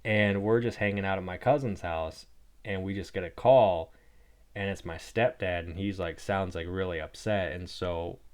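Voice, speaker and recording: A young man hosts his own podcast and tells a story in a relaxed, meandering way. His voice sits a little low, and he fills every pause with "like" and "you know". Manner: rambling, heavy use of "like". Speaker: podcast host. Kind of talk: casual storytelling.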